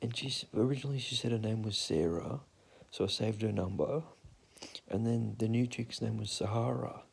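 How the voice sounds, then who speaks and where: Gravelly, swearing young Australian man. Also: on the low side, moderate pace. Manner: crude, rambling, swears a lot. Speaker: storyteller. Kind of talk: casual storytelling.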